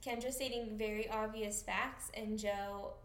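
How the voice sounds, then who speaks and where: A woman co-hosting a podcast in casual chat, agreeable and quick to laugh. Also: medium pitch, fairly even intonation, roomy sound. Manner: agreeable, laughs often, short replies. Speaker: podcast co-host.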